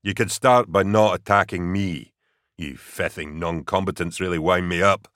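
A man voicing a huge, brutish male soldier with a deep, growling voice and slow, flat menace. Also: dry recording, clean studio sound. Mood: menacing calm.

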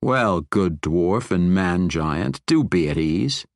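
A man's voice: low voice, lively intonation, dry recording, clean studio sound, exaggerated voice. A man voicing a sly, sardonic male drow mercenary who drawls his words archly. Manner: arch, drawn-out, sardonic.

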